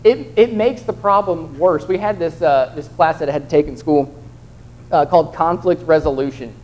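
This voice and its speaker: A man's voice: fairly high pitch, normal speed, darkish tone, low-quality recording. A young man preaching a sermon in a conversational way, acting out the voices of the people in his examples. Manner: conversational, acts out quoted voices.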